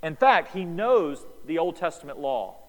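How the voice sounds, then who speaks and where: A man's voice: fairly high pitch, unhurried, in a large hall, low-quality recording. An American man preaching a sermon, acting out the voices in a Bible story as he explains it. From United States. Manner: animated preaching, acts out dialogue. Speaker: pastor.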